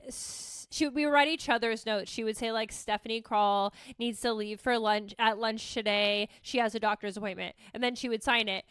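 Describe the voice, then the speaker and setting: Casting: woman in her thirties, high bright voice, candid storyteller, swears freely. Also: clear, resonant tone, dry recording. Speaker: podcast host. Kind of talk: casual storytelling.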